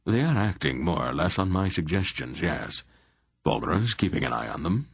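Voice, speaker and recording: A man voicing a calm, wry old male sorcerer in an audiobook, speaking in an unhurried way. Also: deep voice, creaky, husky, no echo, studio quality, exaggerated voice.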